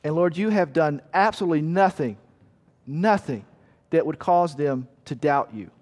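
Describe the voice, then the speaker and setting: Pastor, man, fairly high voice, earnest, emphatic, storytelling, long hall reverb. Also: normal speed, a little mellow. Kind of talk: sermon.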